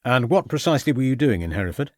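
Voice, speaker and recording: A man's voice: mid-range voice, expressive, rapid-fire, no room sound, lightly acted. A man reading an audiobook, voicing a shrewd, stern male police inspector who questions in a dry, mocking way. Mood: probing. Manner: probing, dryly mocking.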